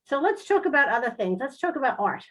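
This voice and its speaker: A woman's voice: high-pitched, very animated, quick pace, slight background noise, poor audio. A middle-aged woman speaking as a spiritual guest on an online talk show, telling personal stories in a chatty, earnest way with many fillers. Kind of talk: casual personal storytelling.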